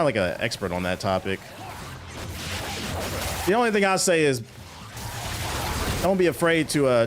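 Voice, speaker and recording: A man's voice: fairly high pitch, background noise. A man streaming a game and chatting casually with viewers in a joking, profane, rambling way. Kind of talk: casual chat while gaming.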